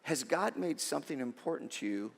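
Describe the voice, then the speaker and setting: A middle-aged man preaching a sermon as pastor, conversational and animated, with self-deprecating stories. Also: a little high, fairly quick, creaky. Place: large church auditorium. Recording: long reverb of a church hall.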